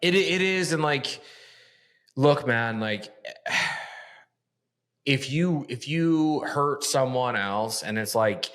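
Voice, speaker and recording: Male podcast host, casual and profane, quick to laugh. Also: medium pitch. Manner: profane, laughing, animated banter. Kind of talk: casual chat.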